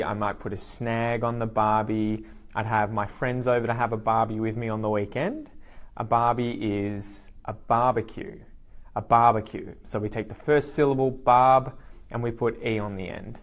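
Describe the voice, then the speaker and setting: An Australian man giving a live online English lesson, speaking slowly and clearly and repeating words for learners. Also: medium pitch. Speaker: English teacher.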